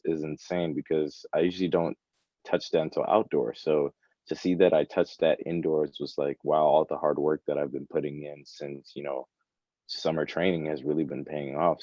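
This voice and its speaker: A young college athlete with an extremely low, mellow voice. He talks in a relaxed, earnest way, full of "you know" and "like." The recording is dry and slightly lo-fi. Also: dry recording. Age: early 20s. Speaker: college track athlete guest. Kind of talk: casual interview chat.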